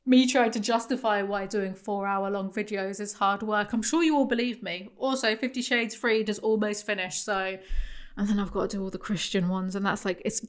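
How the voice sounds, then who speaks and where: A woman's voice: mid-range voice, fairly even intonation, moderate pace. Sarcastic young woman rambling. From southwest England. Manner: sarcastic, rambling, swears freely. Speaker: YouTuber. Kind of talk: comedic commentary vlog.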